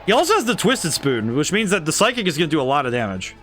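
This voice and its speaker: Man, game streamer, casual commentary, thinks aloud, laughs often, slightly high voice. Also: big pitch swings, fast, a bit bright, soft background music.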